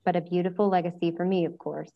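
A woman's voice: fairly low pitch, little pitch movement, fast, vocal fry, highs cut off. A woman voicing a clever, witty young witch with a teasing, sarcastic manner.

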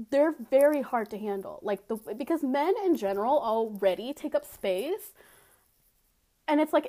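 A young woman hosting a podcast, her voice on the high side and mellow, tells a personal story in a confessional monologue. She's blunt and candid, with many fillers and casual swearing.

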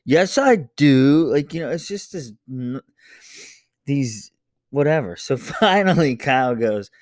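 A man in his thirties hosting a casual solo podcast. He tells a family story in a lively, animated way, laughing often and jumping into high voices. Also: unhurried, no room sound, studio quality. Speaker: podcast host.

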